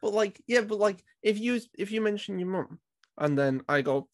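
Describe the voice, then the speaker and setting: Young guy cohost, awkward and giggly, rambles, kinda high voice, dry mic. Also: steady tone, normal speed, no echo. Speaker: co-host. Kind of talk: casual podcast chat. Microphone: desk mic that crackles.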